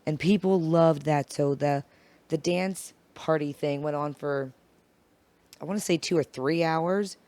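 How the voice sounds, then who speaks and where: A woman with a naturally raspy voice, a podcast guest talking in a loose, rambling, swearing way. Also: low-pitched, measured pace, warm tone. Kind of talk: casual podcast chat.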